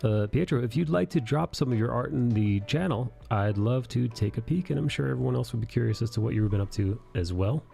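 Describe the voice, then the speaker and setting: A man's voice: lively intonation, a little fast, vocal fry, hardly any pauses, warm tone, faint music behind. A man hosting a live drawing stream, joking and laughing in casual chat. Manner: joking, laughing, rises in pitch when amused.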